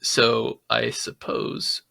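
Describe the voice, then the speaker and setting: A man playing a tabletop game, unhurried and thinking aloud about the rules. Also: medium pitch, completely flat delivery, vocal fry, sharp tone, no room sound, studio quality. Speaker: player. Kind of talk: casual chat at a tabletop game.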